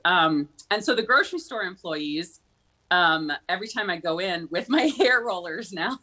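A woman's voice: on the low side, expressive, normal speed, bright, forceful tone. A woman from Minnesota with a Midwestern accent, a talk show guest telling stories in a chatty, giggly way. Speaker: guest, social media creator.

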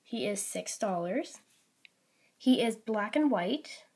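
Teen girl vlogger, slow rambling show-and-tell, filler-heavy and apologetic. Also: mid-range voice, lively intonation, darkish tone, slightly rough. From Canada. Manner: rambling, many ums and likes, apologetic. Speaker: toy collection vlogger. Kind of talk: casual show-and-tell vlog.

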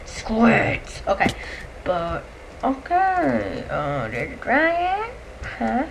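A woman giving casual gameplay commentary, excitable and chatty, yelling and shrieking when monsters attack and chatting to the creatures. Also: fairly high pitch, extremely slow, creaky, slight background noise. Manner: excitable, shrieks and yells at enemies; chatty, talks to game creatures. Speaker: let's play gamer.

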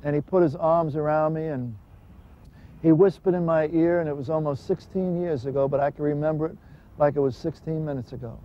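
A man's voice: a little high, steady tone, a little fast. A man giving an earnest, emphatic personal testimony. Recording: dull lo-fi recording with faint hiss.

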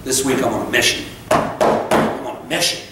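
Recorded from far away in an echoey church with heavy background noise, this pastor preaches at a normal speed in a mid-range voice. His sermon is emphatic and repetitive, broken up by offhand remarks and anecdotes about himself.

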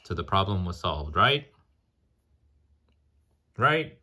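Very deep-voiced man reading aloud. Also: sing-song, slow pace, pushed and bright, slightly rough. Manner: playful, sings the rhymes, chats and asks questions between pages. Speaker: picture book reader. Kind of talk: reading a picture book aloud to a child.

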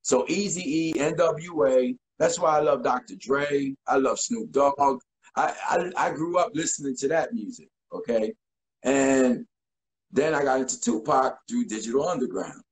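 A man in his forties, a guest in a casual interview, telling stories in an animated way and acting out quotes. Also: medium pitch, measured pace, slight background noise, poor audio. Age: 40s. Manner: animated, acts out voices and quotes.

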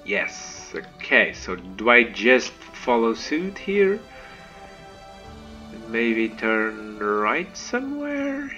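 A man giving chatty, excitable gameplay commentary as a let's play host, humming little tunes to himself as he goes. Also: mid-range voice, very slow, lo-fi sound, faint music behind.

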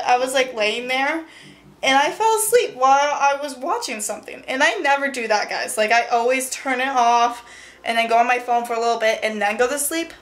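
A young woman rambles cheerfully to her camera in her bedroom, her voice sitting a little high. She is slightly out of breath and full of fillers and laughs, with faint music underneath. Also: fairly bright tone. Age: young adult. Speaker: vlogger. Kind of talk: chatty vlog.

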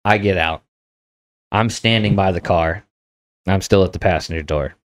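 Podcast host, male, very low voice, laid-back swearing storyteller. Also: moderate pace. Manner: profane, laid-back anecdote telling. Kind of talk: casual storytelling.

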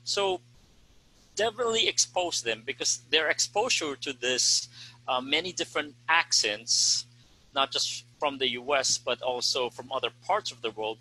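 A man co-hosting a panel discussion for English teachers, speaking in an earnest, steady way and putting questions to the panel. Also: mid-range voice, breathy edge, rough recording.

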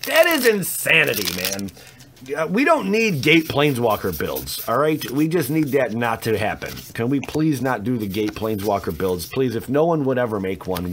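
A man rambles through a casual pack-opening video with a bouncy, swooping voice and plenty of jokes. His pitch sits mid-range but leaps around a lot. A faint hiss and crinkling packaging sit behind him. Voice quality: lively, swooping delivery. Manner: jokey, teasing, rambling asides. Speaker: YouTuber opening card packs.

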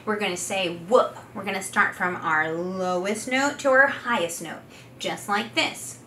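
A woman's voice: mid-range voice, a little slow, sharp tone, slight background noise. A woman speech pathologist and singer teaching vocal exercises, with patient step-by-step instruction and sung demonstration notes. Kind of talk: guided vocal exercise lesson. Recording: echoey room, voice a bit far from the mic.

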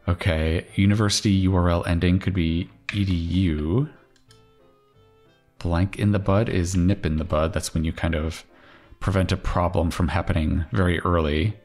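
A man casually thinking aloud as he solves a crossword, musing and correcting himself with chatty asides. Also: deep voice.

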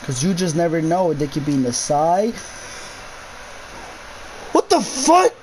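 A man's voice: sits high, huge pitch swings, takes it slowly, darkish tone, a little hiss or hum, low-quality recording. A young man commentating his own gameplay of a horror map, jumpy, swearing a lot and yelping at scares. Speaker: gamer.

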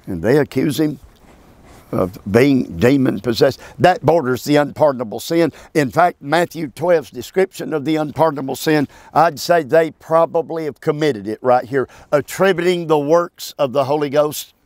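A man teaching a Bible passage verse by verse, emphatic and preacherly, with halting restarts and calls for amen. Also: mid-range voice, dry recording.

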